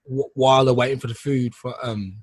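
In a dry recording, a man co-hosts a casual talk show, his medium-pitched, somewhat mellow, husky voice moving a little fast with fairly even intonation. His storytelling rambles, with frequent restarts and laughter woven into his words.

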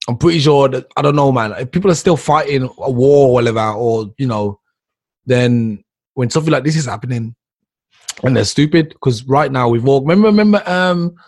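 A man's voice: medium pitch, fairly quick, darkish tone. A man chatting casually as a co-host, rambling through thoughts with many fillers and restarts. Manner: rambling, lots of fillers and "dude". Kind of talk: casual chat.

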